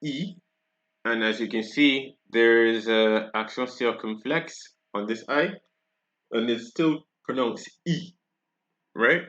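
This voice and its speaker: A man's voice: medium pitch, slow pace, fairly bright tone, lo-fi sound. A man from Barbados with a Barbadian accent, giving a French pronunciation lesson and checking in with "right?" after each point. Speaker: French teacher.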